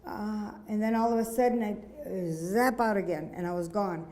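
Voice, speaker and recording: Woman sharing her testimony at church, mellow voice, earnest, keeps restarting sentences. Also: mid-range voice. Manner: earnest, halting, with many restarts. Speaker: speaker giving a personal testimony. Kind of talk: church testimony, personal storytelling. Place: church conference hall.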